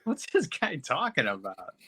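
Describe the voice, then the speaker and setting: A man's voice: mid-range voice, wildly swooping pitch, normal speed, pushed and bright, breathy edge. A man co-hosting a podcast, recapping a movie plot in a laid-back, casual way. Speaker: podcast co-host. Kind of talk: casual movie review chat.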